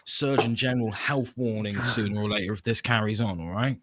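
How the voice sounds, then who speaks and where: A man's voice: lowish voice, brisk, noisy background. A man with a British accent, a guest on a podcast, playfully telling stories and acting out his own thoughts. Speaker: guest, comic book creator. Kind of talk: casual chat.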